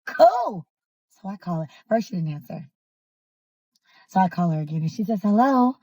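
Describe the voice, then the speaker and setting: A woman in her thirties telling a personal story in a casual, animated and emphatic way, often exasperated. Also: mid-range voice, moderate pace, no room sound, poor audio.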